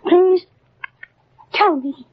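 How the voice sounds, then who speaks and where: A woman's voice: very high voice, very slow, exaggerated voice. An actress playing a frightened young woman in a 1940s radio drama, pleading and near panic. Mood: distrustful. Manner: pleading, breathless, rising to panic. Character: frightened young woman fearing for her life. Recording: muffled old radio broadcast with hiss.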